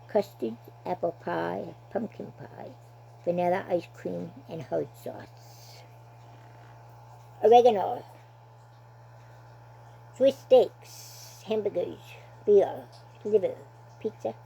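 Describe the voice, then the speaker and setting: Slow older woman with a dark husky voice. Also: medium pitch, slight background noise. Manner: halting, stumbles over words, chatty asides. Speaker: blogger. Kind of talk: reading a list aloud casually. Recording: dull lo-fi recording.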